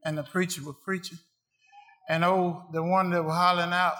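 A man's voice: sits high, steady tone, a little fast, pushed and bright. A man preaching a sermon to a congregation, emphatic and rhythmic, repeating phrases for effect.

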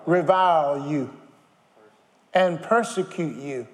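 A man's voice: a little high, slow. A man preaching a sermon, firing questions at his congregation. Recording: long hall reverb.

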